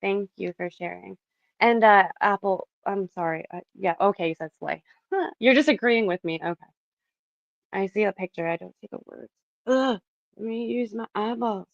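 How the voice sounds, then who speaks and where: A woman's voice: medium pitch, normal speed, gravelly, dry recording, muffled recording. A Canadian woman in her thirties chatting casually with viewers on a live stream, rambling, laughing often and swearing now and then. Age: 30s.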